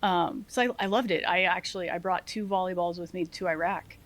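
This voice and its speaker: A middle-aged woman, a retired Army sergeant, telling stories as a podcast guest in a lively, self-deprecating way, laughing often and acting out what people said. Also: fairly low pitch, fairly quick. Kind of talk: casual interview storytelling.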